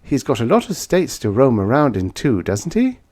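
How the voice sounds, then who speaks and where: A man reading an audiobook, voicing a nervous, pushy woman in a bar by raising his voice high. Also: normal speed. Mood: prying. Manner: pitched up high, excitable.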